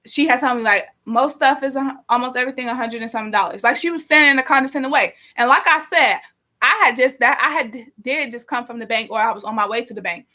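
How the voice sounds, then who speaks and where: Young woman, bright and fairly high voice, chatty live-stream storyteller, swears freely. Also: fast. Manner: animated, profane, rambling with many fillers. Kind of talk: casual storytelling.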